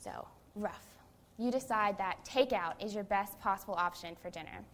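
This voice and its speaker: Young woman seminary student giving a chatty, self-deprecating sermon, mid-pitched voice. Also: moderate pace. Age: young adult. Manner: conversational, self-deprecating storytelling. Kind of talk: sermon with personal story.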